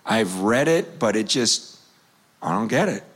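A man in his fifties preaching a sermon, telling a personal story with passion, swinging from loud urgency to hushed quiet. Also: lowish voice, expressive, a little slow, husky.

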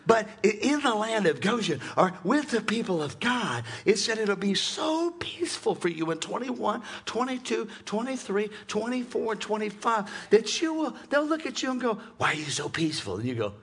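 A male pastor, preaching an animated, joking sermon and calling on the congregation to shout back. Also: sits high, moderate pace, hardly any pauses, slightly rough. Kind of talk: lively sermon with congregation call-and-response.

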